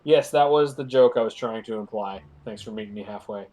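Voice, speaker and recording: A man's voice: fairly low pitch, brisk, dark tone. A man with a stuffed-up nose chatting casually as a guest on a game stream, rambling and joking with lots of fillers. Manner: rambling, filler-heavy, jokey.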